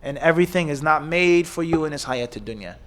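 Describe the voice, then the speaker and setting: A man's voice: fairly high pitch, expressive, fairly quick, fairly bright tone. A man giving a sermon as an imam, lecturing emphatically with repeated instructions and rhetorical questions. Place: mosque or Islamic center hall.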